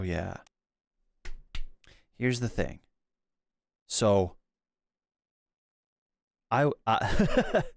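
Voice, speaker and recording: A man's voice: mid-range voice, dry recording, studio quality. A man streaming a game, thinking aloud in casual commentary with mild swearing. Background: loud game music.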